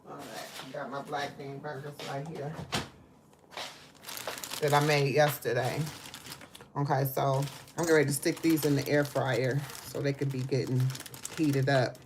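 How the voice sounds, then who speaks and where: A woman's voice: extremely low pitch, flat delivery, moderate pace, pauses often, background noise. A woman hosting a casual live cooking stream in her home kitchen, chatting to viewers and calling them "baby" and "y'all". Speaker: livestream host.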